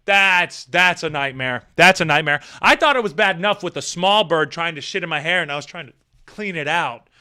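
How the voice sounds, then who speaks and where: A man's voice: sits high, brisk, sharp tone, clean tone. A young man streaming live, reading out chat comments and ranting with plenty of swearing.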